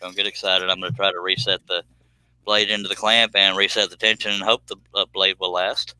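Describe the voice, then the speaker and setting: A man's voice: low-pitched, level tone, fairly quick, bright, forceful tone, clear, resonant tone, no room sound, rough recording. A man hosting a casual live stream, joking and rambling while he works.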